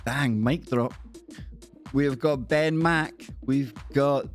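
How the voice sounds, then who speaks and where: A man's voice: medium pitch, slow, faint music behind. Chatty man hosting a live stream. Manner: chatty and jokey, shouting out viewers by name. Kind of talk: casual live stream chat.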